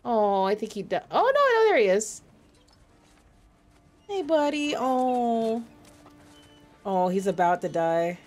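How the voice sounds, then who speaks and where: A woman's voice: fairly high pitch, big pitch swings, slow, pauses often, a little mellow, faint music behind. A woman VTuber streamer giving live commentary as she plays a game, reacting emotionally and swearing freely.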